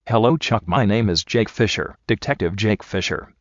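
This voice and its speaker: A man's voice: lowish voice, normal speed, dry recording, highs cut off, natural voice. A man voicing a determined male police detective who talks in a blunt, terse way.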